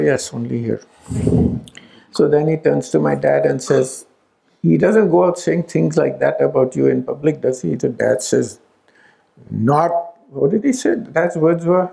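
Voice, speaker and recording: An older man in his seventies, voice gravelly with fry, pitched a little high for a man. He tells a personal story to a gathering in an animated, quick way, acting out the quoted exchanges. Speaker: speaker at a spiritual gathering. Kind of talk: storytelling talk.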